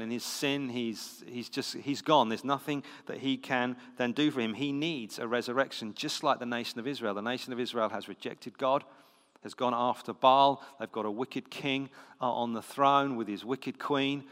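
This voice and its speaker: A man's voice: mid-range voice, fairly bright tone. A man preaching a sermon, reading scripture and then explaining it in a conversational, emphatic way with the odd filler and restart. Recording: long hall reverb.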